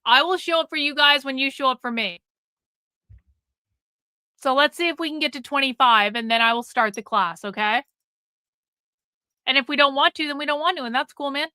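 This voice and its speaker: A high, bright-voiced woman hosts a live stream, talking casually and bluntly to her chat with plenty of swearing. Her voice sits close and dry, with no room sound around it. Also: moderate pace, long pauses, no room sound. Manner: profane, blunt, nags the chat.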